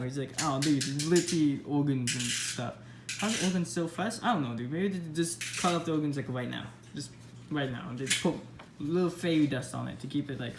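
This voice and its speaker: A woman's voice: low-pitched, background noise. A woman casually rambling over her old story, mocking herself with lots of fillers. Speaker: vlogger.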